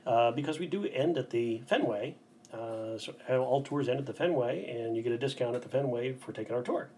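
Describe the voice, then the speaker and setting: A man's voice: mid-range voice, brisk, warm tone, breathy edge. A man who guides bike tours, talking as a guest on a casual podcast in an upbeat, enthusiastic, motivational way.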